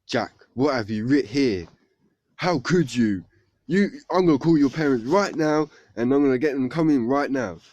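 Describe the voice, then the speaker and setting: A stern headmaster scolding in a raised, louder voice, as a man puts him on while telling a story. The tone is dark and the recording sounds dull and dry. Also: medium pitch, animated, takes it slowly, no echo. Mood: angry.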